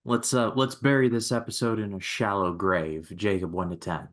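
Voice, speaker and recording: A man's voice: on the low side, steady tone, normal speed, a bit bright. A man hosting a casual podcast, rambling with lots of fillers and restarts. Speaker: podcast host. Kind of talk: casual chat.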